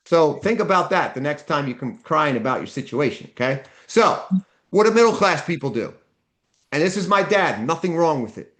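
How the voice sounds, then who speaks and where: A man's voice: fairly high pitch, lively intonation, normal speed, a bit bright. Blunt man lecturing a class. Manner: blunt, asks the class questions and answers them. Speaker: seminar instructor. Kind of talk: live seminar lecture. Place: classroom with a live audience.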